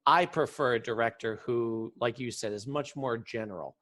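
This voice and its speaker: A man's voice: mid-range voice, a bit bright. A man hosting a podcast, chatting casually with his guest. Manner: chatty, quick back-and-forth. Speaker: podcast host.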